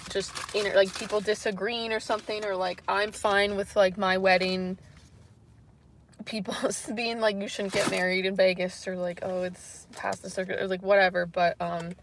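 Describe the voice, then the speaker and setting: Female streamer, casual chat to viewers, soft and apologetic, hesitant with lots of fillers. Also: medium pitch, little pitch movement, normal speed, slight background noise. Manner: hesitant, rambling, many fillers. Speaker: livestreamer.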